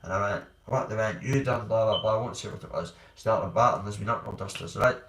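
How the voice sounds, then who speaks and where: A man's voice: fairly low pitch, fast, a bit bright. A Scottish man telling his own hard stories in a blunt, rambling way, swearing freely. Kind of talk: candid personal storytelling. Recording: roomy sound, distant from mic.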